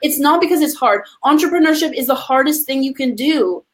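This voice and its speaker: A woman's voice: high-pitched, expressive, brisk, a little hiss or hum. Passionate woman coaching on a podcast. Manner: passionate, emphatic, addresses listeners as friends. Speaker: podcast guest, entrepreneurship coach. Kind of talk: conversational podcast interview.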